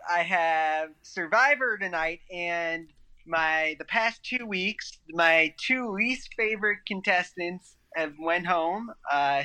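A man guesting on a casual podcast chat, rambling in a relaxed way. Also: sits high. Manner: rambling, many fillers and restarts, relaxed. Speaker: podcast guest, tennis writer.

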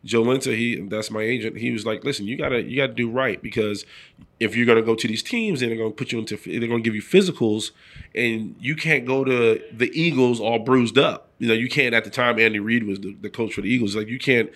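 A man's voice: medium pitch, a little fast, fairly bright tone. A middle-aged man, a former pro football player, telling a long story in a casual interview and acting out the voices of the people in it.

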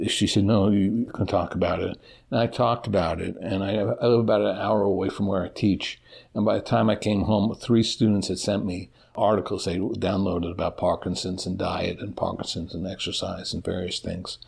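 A middle-aged man who teaches, talking as an interview guest in a halting way that often repeats words. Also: sits low, little pitch movement, gravelly, a little mellow, slightly rough. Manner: halting, repeats words, self-deprecating laughs. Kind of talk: conversational interview.

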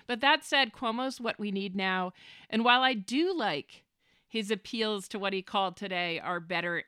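A woman hosts a podcast from a small room at home, offering wry, opinionated commentary with a self-deprecating edge. Her voice is bright and crisp. It is recorded close and dry, with no room sound. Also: medium pitch, dry recording. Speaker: podcast host. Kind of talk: conversational commentary.

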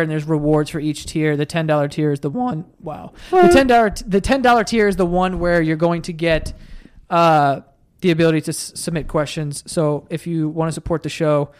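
A young man from New hosts a casual podcast in a slightly high, clean-toned voice. He tells stories animatedly and swears a lot.

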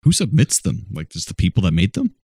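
A man's voice: deep voice, wildly swooping pitch, fairly quick, creaky, a little mellow, slightly rough, no room sound, studio quality. A young man co-hosting a podcast, talkative and a bit loopy, often laughing as he chats. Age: young adult. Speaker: podcast co-host and voice actor. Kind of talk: casual chat.

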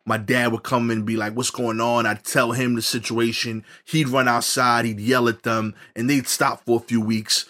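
A man's voice: mid-range voice, flat delivery, moderate pace, hardly any pauses, bright, forceful tone. A man, telling a funny personal story in a conversational way, full of wry asides. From New York. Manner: conversational, many "you know" fillers, wry asides.

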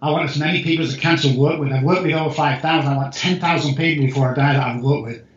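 Emphatic man in an echoey room. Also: fast talker. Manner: emphatic and excitable, with jumps in pitch and loudness. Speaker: guest, addiction specialist. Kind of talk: animated storytelling in conversation. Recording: echoey room, dull lo-fi sound.

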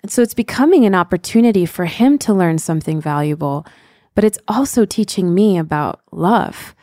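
Thirties female co-host, lower voice, candid and earnest, dry close sound. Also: expressive, moderate pace, warm tone, dry recording. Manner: earnest, candid, with fillers like "you know". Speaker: podcast co-host. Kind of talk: reflective podcast conversation.

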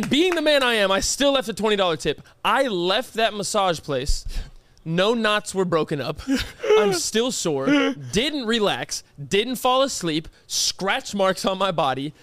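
A young man co-hosting a podcast, telling a story with exasperated, animated mock outrage in casual chat. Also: high-pitched, moderate pace, no echo. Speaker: podcast co-host.

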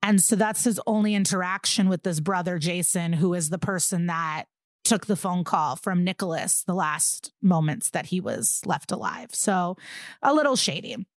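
A woman's voice: fairly low pitch, animated, normal speed, no room sound, clean studio sound. A woman co-hosting a podcast, animatedly retelling a true-crime case in casual chat, acting out quotes and swearing freely. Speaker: podcast co-host.

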